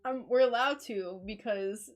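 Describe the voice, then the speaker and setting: A woman's voice: fairly high pitch, a little slow, soft background music. A woman chatting casually on a stream, giggly and rambling with lots of fillers.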